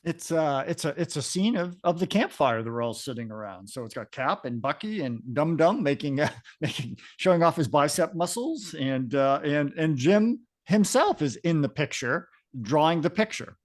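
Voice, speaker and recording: A man co-hosting a podcast, describing comic pictures in casual chat, halting with fillers. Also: a little high, sing-song. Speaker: podcast co-host.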